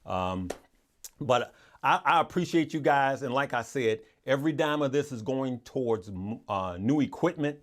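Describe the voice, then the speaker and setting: Earnest and motivational, a livestream host chats casually with his viewers in an expressive, medium-pitched voice at normal speed. He tends to ramble, restarting often, stammering, and repeating words.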